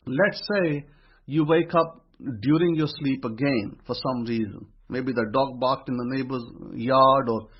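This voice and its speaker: A man's voice: medium pitch, fairly even intonation, a little slow, husky, dull audio. A man giving a motivational talk, counting off points and often repeating his phrases. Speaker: speaker teaching affirmations. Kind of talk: motivational teaching monologue.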